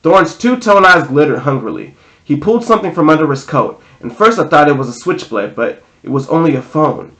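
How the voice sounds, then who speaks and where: A man reading a novel aloud in a plain, steady voice, restarting a few words now and then. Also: a little high, fairly quick, rough recording. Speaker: audiobook reader.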